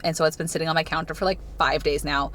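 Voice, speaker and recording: A young woman vlogging casually to camera, chatty and excitable, gasping and squealing over what she unwraps. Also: deep voice, quick pace, a little hiss or hum. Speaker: lifestyle vlogger. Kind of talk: casual vlog chat to camera.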